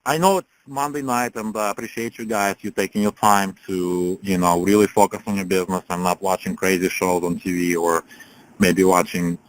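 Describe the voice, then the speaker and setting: A man's voice: low-pitched, steady tone, normal speed, low-quality recording. A man coaching a group on a call, telling a rambling motivational story with many fillers and restarts. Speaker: business coach.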